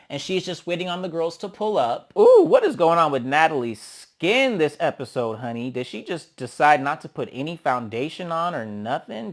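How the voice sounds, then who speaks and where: A man giving a sassy, gossipy recap of a reality show episode, acting out the cast's lines and calling people honey. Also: on the high side. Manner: acts out cast members' lines in quotes. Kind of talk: casual recap commentary.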